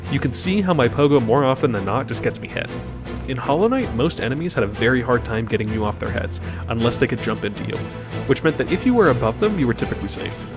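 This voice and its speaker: A man narrating a gameplay video voice-over in a wry, joking, explanatory way. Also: mid-range voice. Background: background music.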